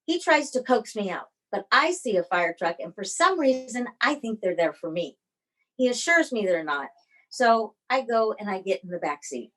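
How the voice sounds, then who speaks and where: A woman's voice: mid-range voice, normal speed. A woman performing a dramatic personal story over a video call. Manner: dramatic, expressive delivery.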